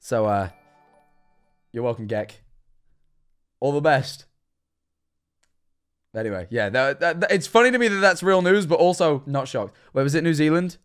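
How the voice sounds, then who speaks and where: A man's voice: a little high, animated, normal speed, pauses often, fairly bright tone, clean tone, soft background music. A man in his twenties chatting on a livestream, telling self-deprecating stories and stumbling over his words. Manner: stammering, self-deprecating storyteller. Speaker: streamer. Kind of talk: livestream reaction chat.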